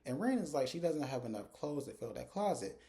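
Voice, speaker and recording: Mellow-voiced man recapping a TV episode. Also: medium pitch, big pitch swings, brisk. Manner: chatty, retells scenes by quoting characters. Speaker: TV episode reviewer. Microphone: phone camera.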